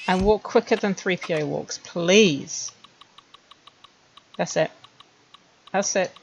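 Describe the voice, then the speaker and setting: Low gravelly woman streamer. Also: takes it slowly, low-quality recording. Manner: chatty, wry, laughing at herself. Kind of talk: casual commentary while making a 3D animation.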